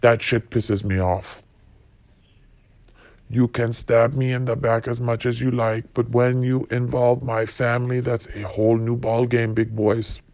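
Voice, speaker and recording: A man's voice: mid-range voice, completely flat delivery, normal speed, few pauses, darkish tone, no room sound. Blunt profane man ranting, dry sound. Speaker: podcast host. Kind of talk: solo rant reading quotes.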